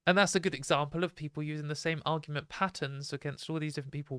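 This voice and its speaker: A British woman hosting a live stream, talking bluntly and opinionatedly in a casual ranting way, her voice a little hoarse. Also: sits low, steady tone, brisk, dry recording, studio quality. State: hoarse from a fading voice.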